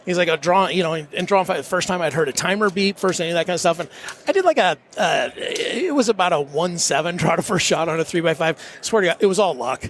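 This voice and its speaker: A man's voice: high voice, animated, quick pace, a bit bright, slight background noise. Man telling a rambling nervous story. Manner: nervous self-deprecating anecdotes with many restarts. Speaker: podcast guest. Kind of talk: casual storytelling.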